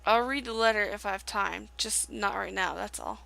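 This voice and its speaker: A woman's voice: mid-range voice, normal speed, creaky, sharp tone, poor audio. A woman reading the lines of a bitter, jealous young man from a game, in her own voice. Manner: reading game dialogue aloud.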